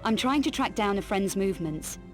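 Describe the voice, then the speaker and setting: A woman's voice: mid-range voice, lively intonation, brisk, faint music behind, close to an everyday voice. An actress playing a cool, determined woman adventurer who asks short, direct questions. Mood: terse.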